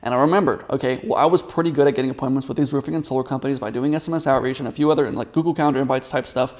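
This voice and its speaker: A man's voice: medium pitch, steady tone, very fast, a little mellow. A man telling a business story in a casual, rambling way, with many fillers and restarts. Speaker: business coach.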